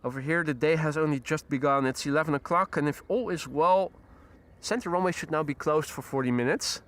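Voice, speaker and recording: Male host, high voice, chatty outdoor live commentary. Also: fairly quick, a bit bright. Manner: chatty, greets viewers, frequent fillers. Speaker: live stream host, plane spotter. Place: outdoors near airport runway.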